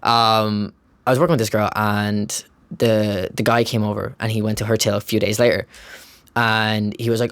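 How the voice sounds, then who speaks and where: A young man with a Dublin Irish accent hosting a casual podcast chat and telling stories in an animated way, swearing casually. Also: medium pitch, fairly quick, no echo. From Ireland. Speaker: podcast host.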